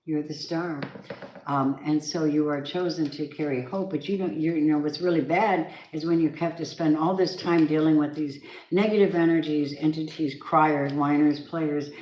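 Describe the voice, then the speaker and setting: A woman's voice: deep voice, steady tone, moderate pace, darkish tone. A woman giving a casual tarot reading, chatty and emphatic, with spiritual asides. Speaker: tarot reader. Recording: echoey room, faint background noise.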